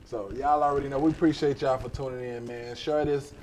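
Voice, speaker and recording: A man's voice: medium pitch, fairly even intonation, fairly quick, darkish tone, a little hiss or hum. A man hosting a podcast, laid-back and chatty as he signs off the show. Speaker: podcast host. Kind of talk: casual chat.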